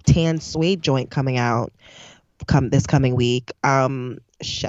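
A woman co-hosting a casual chat show, relaxed, slangy and upbeat. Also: rumbling low, slow, no echo. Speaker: co-host. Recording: dull lo-fi dry sound.

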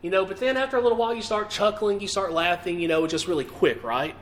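A man's voice: sits high, fast talker, slight background noise. A man preaching a sermon to a congregation, asking them questions and reading scripture with emphatic, rising and falling delivery.

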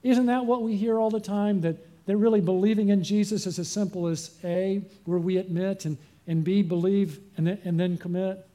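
Male pastor, high mellow voice, preaching with rhetorical questions. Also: steady tone, normal speed, hardly any pauses. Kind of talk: sermon.

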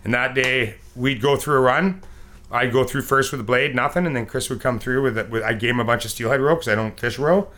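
A man chatting on a podcast with a bright, forceful tone. He tells stories animatedly, acting out sounds and quoting people with lots of energy. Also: mid-range voice, a little fast. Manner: animated storyteller, acts out sounds and quotes. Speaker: podcast co-host. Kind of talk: casual storytelling chat.

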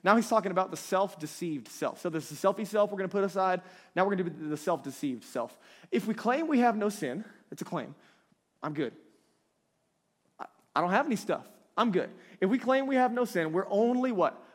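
A man in his thirties preaching a conversational sermon, animated and chatty, laughing lightly between points. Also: sits high, a little fast. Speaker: pastor.

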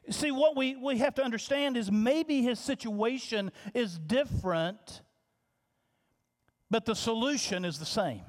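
A man preaching a sermon as pastor, impassioned, repeating phrases and restarting with stammers. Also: extremely high pitch. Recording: long hall reverb.

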